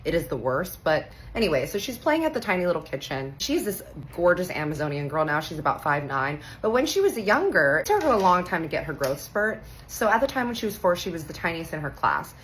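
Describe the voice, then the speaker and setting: A woman in her thirties from Texas, telling a funny personal story in a casual, animated way, acting out the voices and swearing playfully. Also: lowish voice, a little fast, few pauses, a little hiss or hum, low-quality recording. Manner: animated, acts out quoted voices, playful cursing.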